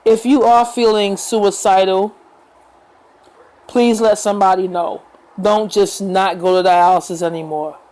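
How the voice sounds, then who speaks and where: A woman talks straight to her viewers in a casual vlog. Her tone is earnest and gentle, reassuring rather than showy. She takes her time, pausing and filling gaps with small sounds as she thinks. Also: mid-range voice, fairly even intonation, low-quality recording. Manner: unhurried, with fillers and pauses. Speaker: vlogger. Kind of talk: casual talk to camera.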